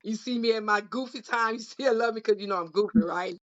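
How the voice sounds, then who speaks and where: Fairly quick and fairly bright, this woman's voice is pitched on the high side. A co-host representing a union caucus, she wraps up a podcast panel with emotional closing remarks, repeating phrases the way a preacher would. The recording sounds dull and lo-fi.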